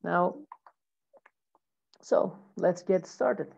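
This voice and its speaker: A woman's voice: lowish voice, very slow, gravelly, darkish tone, breathy edge, dull audio. A woman English teacher with an American accent, giving a live online lesson, greeting students by name and checking in with "okay?".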